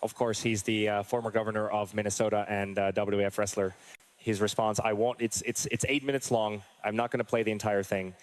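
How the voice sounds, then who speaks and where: A male political commentator with a somewhat low voice runs through the news in an online commentary. His reactions are blunt and exasperated. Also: flat delivery, fairly quick.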